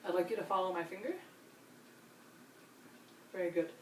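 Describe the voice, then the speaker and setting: A woman examiner demonstrating a neurological check, giving calm step-by-step instructions and reassurance. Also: fairly low pitch, moderate pace. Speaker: nurse examiner. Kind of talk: clinical demonstration. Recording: roomy, distant mic, faint hiss.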